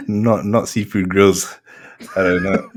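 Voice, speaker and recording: A man's voice: fairly low pitch, slow pace. A young man, co-hosting a podcast in casual chat, telling stories animatedly with frequent laughs and restarts. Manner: animated storyteller, laughs often, many restarts. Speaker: podcast co-host.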